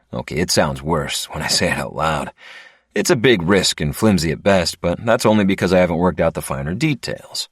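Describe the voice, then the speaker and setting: This man's voice sits deep and low as he narrates his own story, sounding dry and faintly wry. The sound is close-miked and dead, free of both room sound and echo.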